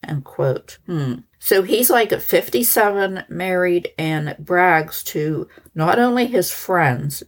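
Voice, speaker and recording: A woman hosting a podcast, recounting a true-crime case in a conversational, animated way. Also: sits low. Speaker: podcast host.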